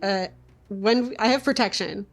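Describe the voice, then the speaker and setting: A woman's voice: mid-range voice, a little slow. A woman playing a tabletop game, talking casually with hesitant "uh" fillers. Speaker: player.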